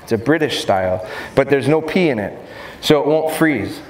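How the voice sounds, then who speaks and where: A man in a mid-pitched voice runs a live dog-training seminar with lively, swooping intonation and a joking, demonstrative delivery. He is heard through an echoey expo hall with faint background noise. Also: normal speed. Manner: animated, demonstrative, jokey.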